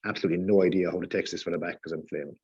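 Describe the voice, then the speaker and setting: A man's voice: sits low, fairly even intonation, very fast, a little mellow, slightly rough, no room sound, muffled recording. A man with an Irish accent telling a rowdy, sweary story on a podcast. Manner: rowdy, swearing anecdote teller. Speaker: podcast panelist. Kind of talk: casual storytelling.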